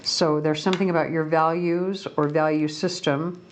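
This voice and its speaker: A woman's voice: deep voice, fairly even intonation, moderate pace, a little hiss or hum. A woman giving a casual pick-a-card tarot reading at home, talking in a chatty, rambling way and often correcting herself. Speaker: tarot reader. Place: home room by a window.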